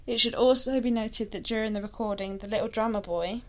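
Young woman on a true crime podcast, reads passages low and steady, chatty, says like a lot. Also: brisk. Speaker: podcast co-host. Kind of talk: casual true-crime podcast chat and reading.

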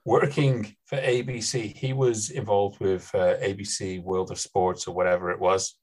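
A man's voice: fairly low pitch, flat delivery, normal speed, darkish tone. A man co-hosting a podcast in casual chat, explaining things with hesitant fillers. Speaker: podcast co-host.

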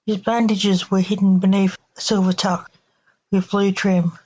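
Slow-reading woman storyteller, dull sound. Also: mid-range voice, little pitch movement, warm tone, breathy edge. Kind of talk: scripted narration.

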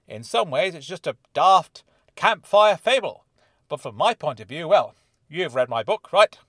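An eager, chatty freelance reporter, played by a male narrator, jovial and a touch theatrical. His voice rides fairly high with lively swings in pitch. The sound is close and dry, like a storybook reading. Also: unhurried, no echo. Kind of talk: audiobook character voice.

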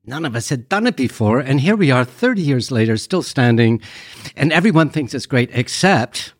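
A man's voice: mid-range voice, expressive, moderate pace, dry recording, studio quality. A Canadian man with a wry, self-deprecating manner, a guest chatting casually about his work in an interview. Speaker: guest, film festival founder.

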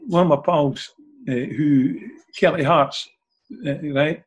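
A man's voice: a little high, slow, breathy edge, soft background music. An older man with a Scottish accent, an interview guest telling anecdotes in a chatty way and ending phrases with a questioning "eh?". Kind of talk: anecdotal storytelling.

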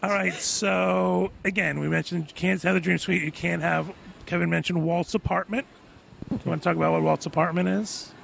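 A man hosting a podcast in a relaxed, chatty way, steering the conversation between guests. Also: high-pitched, moderate pace, creaky, a little hiss or hum. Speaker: podcast host. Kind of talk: casual chat.

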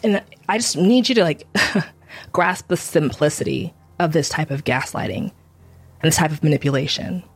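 A woman's voice: low voice, expressive, moderate pace, slightly rough. A woman talking through a painful personal experience in an intense monologue, often repeating herself and acting out what others said. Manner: intense, repeats herself, acts out quoted speech. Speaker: podcaster on church abuse.

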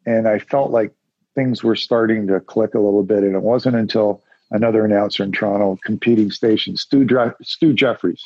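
This guest has a lowish, darkish voice with fairly even intonation and normal speed, captured in lo-fi audio without echo. A musician and former radio announcer, he tells casual, rambling stories in an interview, voicing the people he quotes.

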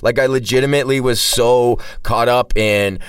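A man's voice: mid-range voice, fairly even intonation, moderate pace, smooth, no room sound. Man, stand-up comedian hosting a solo podcast, rambling rant, heavy swearing, distant cheap mic. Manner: rambling, heavy swearing, frequent self-restarts. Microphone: cheap mic, set back from the speaker. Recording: distant, dry sound from a poor mic.

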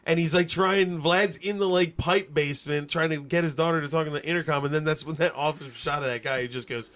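Excitable man with a raised voice. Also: a little high, brisk. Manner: excitable, swears, laughs often. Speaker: podcast co-host. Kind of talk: casual chat reviewing a movie.

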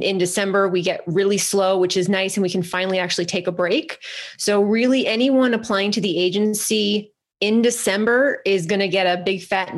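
A woman co-hosting a podcast, easygoing and laughing often as she explains things plainly. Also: medium pitch. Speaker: podcast co-host. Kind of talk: casual chat.

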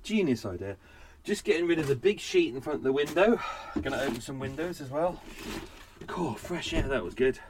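Brief: male podcast host, loose rambling chat, faint hiss behind, lively. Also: a little high, normal speed. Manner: rambling, chatty, yawning, talking while doing chores. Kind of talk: casual unscripted chat. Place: narrowboat cabin.

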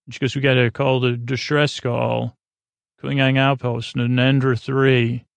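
A man hosting a podcast, retelling a TV episode as a rambling bedtime story, halting with restarts and dry jokes. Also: mid-range voice, little pitch movement, creaky, no echo. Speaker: podcast host.

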